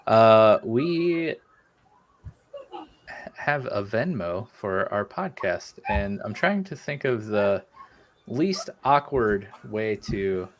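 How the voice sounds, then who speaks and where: A man's voice: fairly low pitch, big pitch swings, drawn-out words. A man hosting a podcast, talking casually in a rambling, jokey way full of fillers, with the hiccups. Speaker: podcast host.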